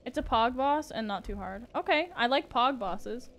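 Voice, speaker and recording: A woman's voice: a little high, animated, normal speed. A Canadian woman streaming a video game, chatting playfully and teasing, her voice run through a modifier. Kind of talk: casual gameplay commentary.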